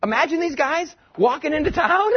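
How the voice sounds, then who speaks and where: A male pastor preaching a sermon, animated, slipping into quick voices to act out the people in his stories. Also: very high-pitched, highs cut off. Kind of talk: sermon with comic retelling.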